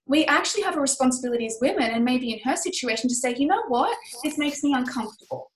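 Woman, fairly high voice, earnest and emphatic, group discussion leader, roomy echo. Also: expressive, fast talker, hardly any pauses. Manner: earnest, emphatic, acts out quoted lines. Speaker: group facilitator.

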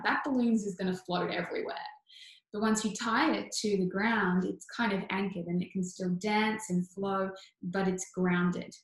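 A woman coaching listeners in a flowing, soothing manner, repeating phrases as she answers questions in casual teaching talk. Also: medium pitch. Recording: very echoey room.

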